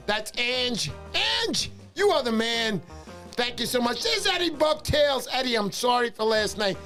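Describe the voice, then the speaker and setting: A man hosting a fishing livestream, talking fast and excitedly, shouting cheers and pitching memberships. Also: soft background music. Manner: loud, hyped, shouting cheers. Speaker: livestream host. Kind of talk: excited casual livestream chat.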